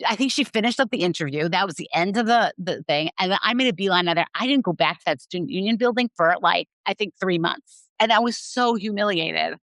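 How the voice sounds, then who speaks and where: A woman's voice: medium pitch, brisk, few pauses, fairly bright tone, no room sound. A woman sex therapist speaking frankly as a guest on an interview podcast, telling personal stories in a candid, open way.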